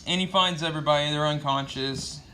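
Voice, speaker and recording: A man's voice: on the high side, steady tone, brisk, noisy background. A man casually recapping a comic book issue with loose, profane storytelling and lots of fillers.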